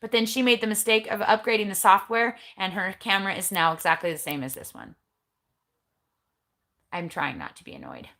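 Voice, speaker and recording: A woman's voice: medium pitch, big pitch swings, brisk, gravelly, bright, forceful tone. A middle-aged woman chatting casually on a livestream recorded on her phone, blunt and chatty with eye-rolling asides. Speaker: keto vlogger.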